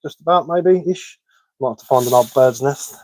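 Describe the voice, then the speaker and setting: A man's voice: medium pitch, moderate pace, darkish tone, no echo. Jokey man, dry close sound. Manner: chuckles at his own dad jokes. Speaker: bushcraft live-streamer. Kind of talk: casual live-stream chat telling jokes. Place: living room at home.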